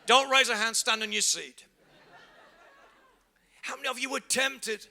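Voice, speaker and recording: A middle-aged man, preaching a humorous sermon that acts out everyday scenes and bursts into shouts for emphasis. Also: very high-pitched, fairly even intonation, measured pace, gravelly, some chatter behind. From England. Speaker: pastor.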